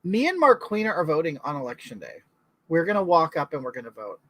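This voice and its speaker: Chatty Californian man, slightly high voice. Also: big pitch swings, brisk, fairly bright tone, dry recording, rough recording. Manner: gossipy, chatty, talks straight to viewers. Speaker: livestream host reading viewer chat. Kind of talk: casual chat.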